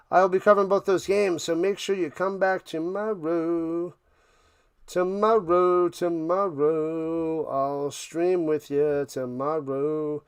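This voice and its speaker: A man with a high-pitched, clean voice hosts a casual live stream, captured in a dry, studio-quality recording. He calls football play by play in a playful, hyped way, chatting with viewers and breaking into singing and riffs.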